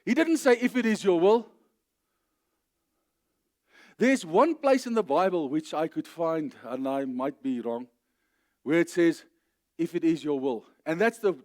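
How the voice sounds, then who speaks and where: Emphatic South African pastor preaching. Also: male voice. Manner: emphatic, rising to loud declarations then dropping low. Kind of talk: sermon. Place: church.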